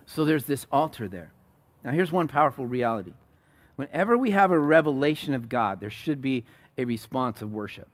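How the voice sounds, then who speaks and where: A man preaching a sermon, retelling a story with animated, acted-out quotes and frequent restarts. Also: medium pitch, moderate pace. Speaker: pastor.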